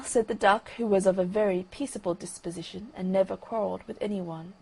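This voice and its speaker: A woman narrates a bedtime story in a calm, even reading voice. Her tone has a gravelly texture and a husky, breathy edge, at a middle pitch. The pacing suits a story meant for sleep. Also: brisk, hardly any pauses, rough recording.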